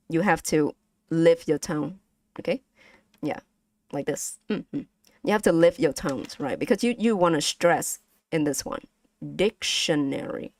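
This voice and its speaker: Woman, casual lesson stream, patient, drawn-out delivery. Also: on the low side, darkish tone, no room sound, studio quality. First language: Vietnamese. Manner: patient, repeats and models tones, giggles often. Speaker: streamer teaching Vietnamese.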